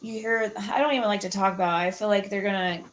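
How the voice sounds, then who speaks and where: A woman's voice: mid-range voice, fairly even intonation, fast talker, poor audio. A woman in casual conversation, talking in a hesitant, rambling way that keeps trailing off. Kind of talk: casual chat.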